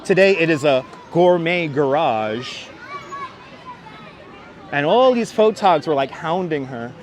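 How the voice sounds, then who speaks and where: A man's voice: on the high side, expressive, slow pace, a faint crowd. A man with a Brooklyn accent hosting a walking-tour livestream outdoors in the city, chatting with viewers and thanking them by name. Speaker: livestream host. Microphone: wireless clip-on mic. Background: faint city traffic.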